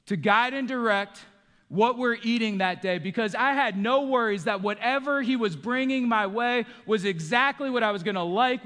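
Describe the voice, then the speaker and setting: A man from the northeastern United States preaches a sermon with a high voice. His delivery swings between hushed, low passages and rising emphasis. The long reverb of a church hall hangs behind him. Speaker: pastor. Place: church sanctuary.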